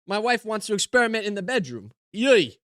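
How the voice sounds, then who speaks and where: A man doing an impression of a nervous, self-mocking stand-up comedian who delivers quick one-liners and keeps complaining that nobody respects him. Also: sits high, sing-song, a bit bright, no echo, studio quality. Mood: hapless. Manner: self-deprecating one-liners with a recurring catchphrase. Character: nervous middle-aged male stand-up comic, self-mocking.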